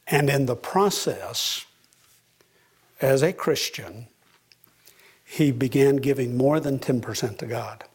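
A man's voice: medium pitch, takes it slowly, long pauses, slightly rough. A man preaching a sermon as a pastor, earnest, his voice rising for emphasis.

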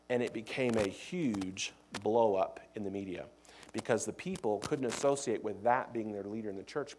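A young man with a cold delivers a sermon. He reads scripture with rising force, then drops to a quiet, personal tone when he tells his own stories. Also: mid-range voice. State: has a cold. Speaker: preacher.

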